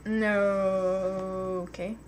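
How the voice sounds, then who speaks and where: A young woman co-hosting a casual on-camera chat, grumpy, with deadpan comebacks. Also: mid-range voice, very slow, a little hiss or hum. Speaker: co-host.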